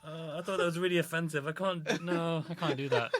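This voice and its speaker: A man's voice: a little high, steady tone, a little fast, music in the background. A man appearing as a guest on a radio show, chatting casually in a joking, offhand way. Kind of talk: casual chat.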